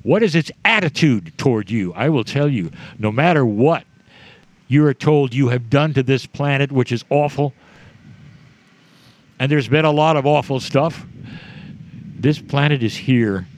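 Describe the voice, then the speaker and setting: A spiritual speaker addresses a group in an expressive, slow and deliberate manner. His voice drops low at the end of each phrase.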